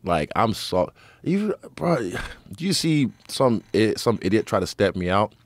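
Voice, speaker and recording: Deep-voiced New man telling stories. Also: sing-song, a little slow, no room sound. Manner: storytelling, swearing freely, quoting others with laughs. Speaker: podcast guest. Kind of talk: casual podcast chat.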